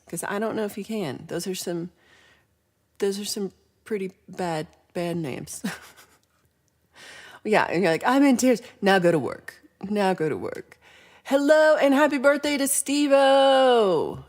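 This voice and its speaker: Chatty woman hosting a music livestream. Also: lowish voice. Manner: chatty, laughs often, reads chat comments aloud. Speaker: livestream singer-songwriter host. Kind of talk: casual livestream chat between songs. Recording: faint guitar music behind.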